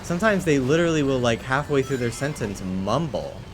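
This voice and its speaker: A man streaming a game from his room at home, chatting casually, swearing freely and often breaking into loud laughter. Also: medium pitch, lively intonation, a little fast, background noise. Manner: profane, laughs loudly, rambling asides. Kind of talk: casual gaming stream chat.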